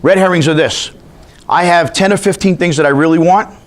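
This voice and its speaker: Brisk and on the high side, a man from New York lectures his continuing education class through chatty stories, stopping to quiz the people listening.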